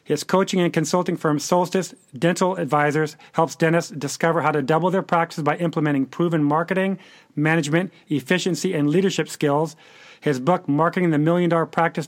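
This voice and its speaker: A man's voice: fairly high pitch, no room sound. A man hosting a podcast, chatty and often stumbling over his words. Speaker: podcast host. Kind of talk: casual interview hosting.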